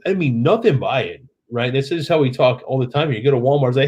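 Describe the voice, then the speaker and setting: A man's voice: mid-range voice, expressive, fast talker, a little mellow. A middle-aged man from Oklahoma with a Southern accent, a bit tipsy, hosting a casual late-night live stream from home and reading viewer comments aloud. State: tipsy from drinking.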